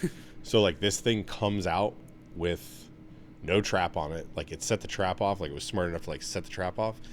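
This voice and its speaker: A young man in casual podcast chat, telling stories with lots of swearing and getting loud when he's excited. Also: normal speed, a little hiss or hum. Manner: animated, swears a lot, gets loud and high when excited. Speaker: podcast co-host.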